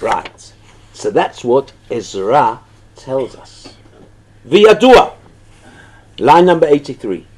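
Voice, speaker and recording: During a text study session, a high-pitched rabbi reads and translates passages, asking questions that he goes on to answer on his own.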